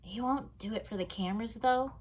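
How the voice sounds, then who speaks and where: A woman's voice: on the high side, brisk, close to an everyday voice. A woman voicing a patient, reasonable father in a children's storybook read aloud. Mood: calm.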